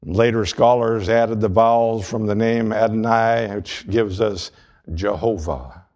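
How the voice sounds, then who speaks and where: A man delivers a sermon in a low voice, reading scripture and quotes aloud. He keeps a measured pace and slows down on the words he wants to stress. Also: fairly even intonation, darkish tone. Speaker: pastor.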